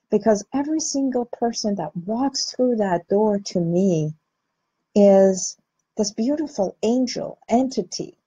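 A middle-aged woman who works as a clinical hypnotherapist hosts a heartfelt, inspirational live-stream talk, greeting viewers by name. Her mid-range voice is mellow and husky, and the sound is lo-fi.

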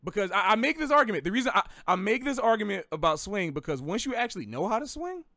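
Man, American South, slight Southern accent, slightly raised pitch, dry close sound, casual rambling jazz teacher. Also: big pitch swings, quick pace, bright, forceful tone, dry recording. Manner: rambling, self-correcting, chatty with gaming analogies. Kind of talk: casual livestream lesson.

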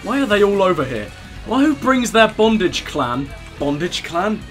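A man's voice: sits high, big pitch swings, normal speed, faint music behind. A young man hosting a let's play, cracking crude jokes in casual gameplay commentary. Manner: joking, crude banter with laughs.

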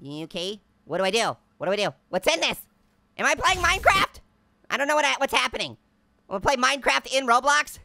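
A hyper cartoon orange cracks puns and giggles through a game, his voice pitched high and swinging wildly up and down. It has a bright, gravelly edge. The delivery is loud and exclamation-heavy. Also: very animated, a little fast, no echo, heavily acted. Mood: gleeful. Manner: punning, giggly, constant exclamations. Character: wisecracking male talking orange, hyper and giggly. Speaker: gaming channel host. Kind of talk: cartoon let's-play commentary in character.

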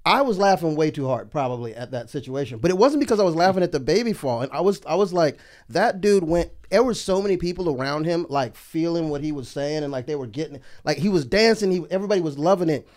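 A man's voice: fairly high pitch, animated, fast talker, hardly any pauses, darkish tone. A man, a comedian guest on a podcast, telling rambling stories in casual chat and laughing through them.

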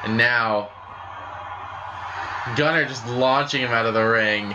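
A man giving play-by-play commentary on a wrestling video game, excitable and breaking into shouts at big moves. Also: medium pitch, slow. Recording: steady background noise.

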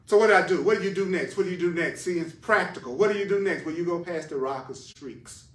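A man's voice: on the high side, quick pace. A man teaching a spiritual class emphatically, repeating phrases for stress. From United States. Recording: echoey room, voice far from mic.

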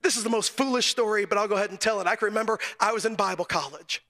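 A male preacher with a high, bright voice tells a story from the pulpit. He chuckles often and backs up to restart his phrases as the tale builds. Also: very fast. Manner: animated storytelling, frequent chuckles and self-corrections. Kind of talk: storytelling sermon. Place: church.

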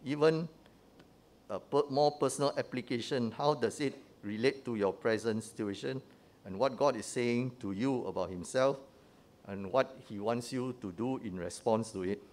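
Conversational preacher checking in with listeners. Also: male voice, mid-range voice, normal speed, a little mellow. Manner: conversational, checks in with "huh?" and "right?"; often restarts and repeats words. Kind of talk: teaching sermon.

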